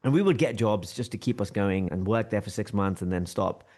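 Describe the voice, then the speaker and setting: A man, a podcast guest telling a lively anecdote in conversation and acting out the dialogue. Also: lowish voice, a little fast. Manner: lively, acts out quoted dialogue with shifting tone.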